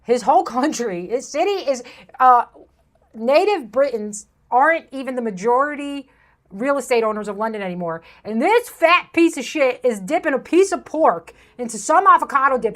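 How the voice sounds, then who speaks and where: Ranting over clips for her commentary video, this woman sounds high-pitched and slightly bright. Her delivery is sarcastic, abrasive and insulting, and the room around her has a plain wall.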